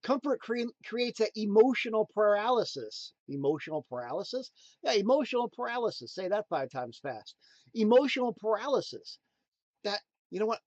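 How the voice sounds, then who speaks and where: A man giving a motivational talk in a preachy, emphatic way, swinging between loud punchlines and quiet asides. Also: high voice, very animated, normal speed, no echo, dull audio. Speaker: motivational speaker.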